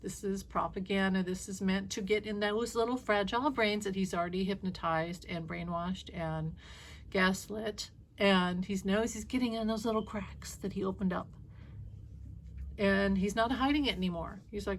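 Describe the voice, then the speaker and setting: A woman giving a casual, opinionated monologue as a spiritual reader, blunt and animated, swearing freely. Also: medium pitch, normal speed, slight background noise.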